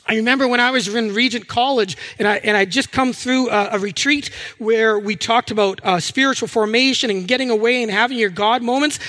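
A man's voice: high voice, pushed and bright. A middle-aged male pastor preaching a sermon, telling stories and acting out the people in them. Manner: storytelling, acts out anecdotes with voices.

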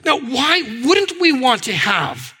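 High, bright-voiced preacher telling stories. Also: male voice, takes it slowly, breathy edge, low-quality recording. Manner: animated storytelling, acting out quoted voices, frequent stammered repeats. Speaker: pastor. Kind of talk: sermon.

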